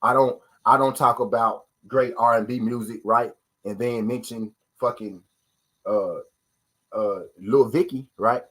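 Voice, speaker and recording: Husky man ranting about boxing fans. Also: mid-range voice, fairly even intonation, unhurried, fairly bright tone, poor audio. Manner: repeats "right?" constantly, profane street slang. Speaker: boxing talk show host. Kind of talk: live-stream casual rant.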